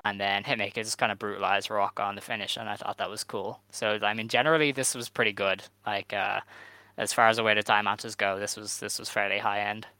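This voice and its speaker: A man hosting a podcast, recapping in relaxed casual chat. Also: lowish voice, fairly quick, no echo. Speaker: podcast host.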